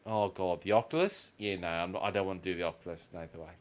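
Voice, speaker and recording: A man's voice: low voice, fast talker. An Australian man chatting casually while gaming, rambling through stories and swearing freely. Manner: rambling, swears freely, tells animated anecdotes. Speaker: gaming video host.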